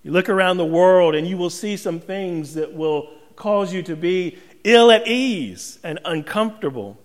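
Male pastor, emphatic sermon, slow deliberate pace, reverberant church. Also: high-pitched. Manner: emphatic preaching with dramatic pauses and rhetorical questions.

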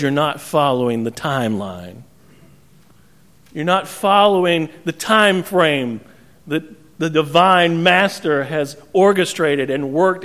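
Pastor guy preaching, highish voice, acts out the story, long echo like a church hall. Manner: lively storytelling, acts out voices, slows to earnest appeals. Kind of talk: sermon.

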